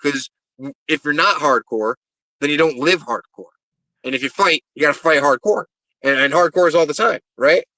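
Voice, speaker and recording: A man's voice: a little high, moderate pace, pushed and bright, no room sound, low-quality recording. A man, a pro wrestler, cutting a brash, profane promo and rambling and stammering through interview answers.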